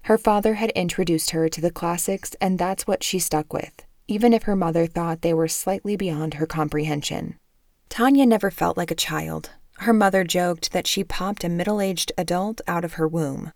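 A woman narrating a novel as an audiobook, in an even, measured storytelling manner. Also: on the low side, no room sound, studio quality.

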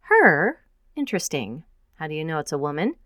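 A woman's voice: low-pitched, big pitch swings, normal speed, fairly bright tone, dry recording, studio quality. A woman voicing a prim middle-aged mother who scolds with mild exasperation. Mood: scolding.

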